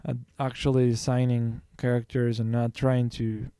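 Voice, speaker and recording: A man's voice: mid-range voice, flat delivery, moderate pace, mellow, clean tone, dry recording, studio quality. A man streaming his drawing, talking casually to himself and his viewers in a rambling, self-correcting way. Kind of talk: casual thinking-aloud while drawing.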